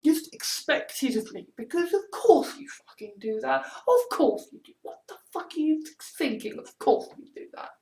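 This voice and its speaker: A woman's voice: high voice, animated, moderate pace, few pauses, low-quality recording. A woman talking in a casual, profane, exclamatory rant. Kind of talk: casual ranting monologue.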